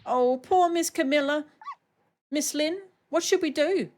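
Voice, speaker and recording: A woman voicing a loyal, excitable little male dog in a game, eager and earnest. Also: high-pitched, unhurried, slight background noise, pitched above the performer's own voice.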